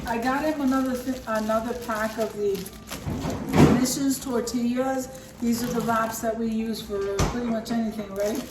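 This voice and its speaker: Woman, middle-aged, casual chatty haul talk, fairly high voice, roomy echo, away from the mic, noisy background. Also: fairly even intonation, normal speed. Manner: chatty, talks with her mouth full at times. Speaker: vlogger showing a grocery haul. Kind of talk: casual haul vlog chat. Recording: echoey room, mic far off, clear background noise.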